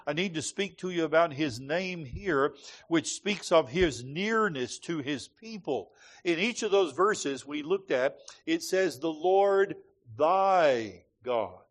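A man's voice: a little high, expressive, measured pace. A man preaching a sermon to a congregation with a rhythmic, emphatic cadence.

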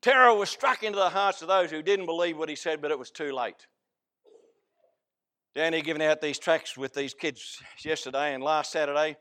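A man with an Australian accent delivers a sermon in a fairly high voice. He preaches like he is telling stories, with plain asides, and swings from loud outbursts to low, hushed lines. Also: normal speed. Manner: folksy storytelling preaching with sudden swings between loud and hushed.

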